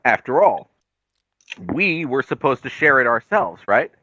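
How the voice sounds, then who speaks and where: A man's voice: mid-range voice, very animated, a little slow, sharp tone, no echo, highs cut off. A man playing a tabletop game, reasoning his way out of blame in a lawyerly way. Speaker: player.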